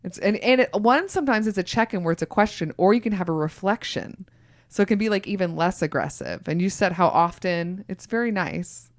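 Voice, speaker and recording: A woman's voice: mid-range voice, fairly quick. A young woman co-hosting a podcast in a casual, rambling chat with lots of fillers. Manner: chatty, rambling with many fillers. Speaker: podcast co-host.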